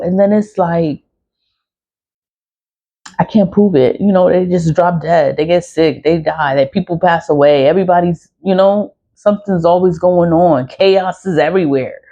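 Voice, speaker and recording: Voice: mid-range voice, mellow. A spiritual practitioner talking in a casual monologue, rambling and repeating themselves, laughing often and swearing freely, on a slightly muffled recording.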